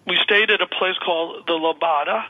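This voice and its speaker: A man's voice: high-pitched, brisk, lo-fi sound. A man guesting on a radio talk show, describing his tours in a rambling, upbeat way with many restarts. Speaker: guest, paranormal tour organizer. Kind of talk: casual radio interview.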